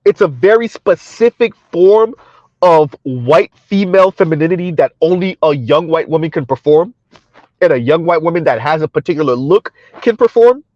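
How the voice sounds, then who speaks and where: Middle-aged male stream host, chatty and chuckling, fairly high voice, dry dull recording. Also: animated, moderate pace, darkish tone, no echo. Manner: chuckling often, loose and colloquial. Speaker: livestream commentary host. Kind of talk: casual livestream commentary, reading chat aloud.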